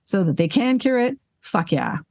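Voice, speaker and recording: A woman voice actress and singer talking candidly as an interview guest, animated, swearing freely and laughing at herself, with hiccups breaking in now and then. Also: medium pitch, moderate pace, vocal fry, no echo. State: hiccuping and burping. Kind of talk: casual interview conversation.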